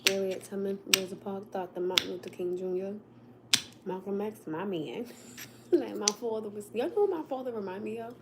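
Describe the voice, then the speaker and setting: Snowed in at home, an American woman hosts a casual livestream, laughing often and talking straight to her viewers in a chatty way. Her voice is mid-range and brisk, with heavy background noise.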